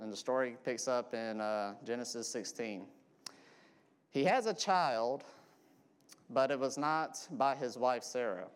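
A man preaching a sermon who repeats his key points and keeps checking in with the listeners by asking "okay?". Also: mid-range voice.

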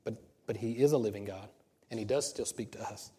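A man's voice: fairly low pitch, brisk, warm tone, husky, big-room sound. A pastor preaching a sermon in a conversational way, asking rhetorical questions and restarting his sentences.

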